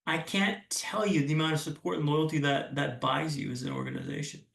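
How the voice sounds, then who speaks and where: A man's voice: fairly high pitch, a little fast, creaky, a bit bright. A young man giving an earnest motivational keynote talk, telling personal stories and often restarting his phrases. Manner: earnest storytelling with frequent restarts. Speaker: keynote speaker. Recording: roomy sound from a distance.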